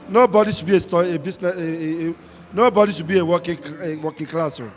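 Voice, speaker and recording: A man's voice: a little high, fast, soft background music. Male preacher, sermon delivery, emphatic and repetitive, reverberant hall. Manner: emphatic, repetitive, swings between shouting and quiet.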